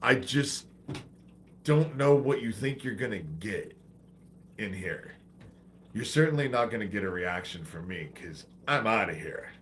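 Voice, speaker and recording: Low-voiced man ranting with a cold. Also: lively intonation, a little slow, fairly bright tone, slight background noise. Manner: profane, exasperated, preachy. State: has a head cold. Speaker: livestream host. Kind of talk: ranting livestream monologue.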